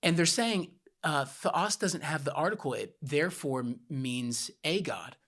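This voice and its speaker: A man's voice: on the high side, animated, measured pace, a bit bright. A man co-hosting a podcast, patiently teaching a point with plain everyday examples. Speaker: podcast co-host.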